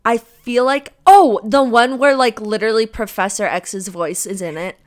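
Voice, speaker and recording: A young woman co-hosting a casual chat podcast, enthusiastic and quick to agree, talking like an eager fan. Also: on the high side. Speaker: podcast co-host.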